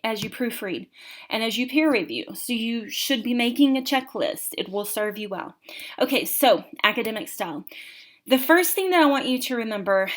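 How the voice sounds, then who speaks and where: A woman in her twenties or thirties giving a recorded college writing lecture, reading example passages aloud with expressive rhythm and emphasis. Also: on the high side.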